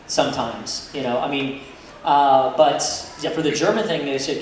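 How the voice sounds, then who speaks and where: A man's voice: a little high, a little slow, a little hiss or hum. A man speaking as a guest voice actor at a convention panel, chatty and laughing often. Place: convention hall. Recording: echoey hall from far off, crowd ambience.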